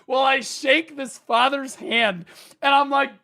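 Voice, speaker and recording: Bright, high-voiced profane male streamer. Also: takes it slowly, gravelly. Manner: profane, animated storyteller. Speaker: streamer, former teacher. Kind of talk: casual stream chat and storytelling.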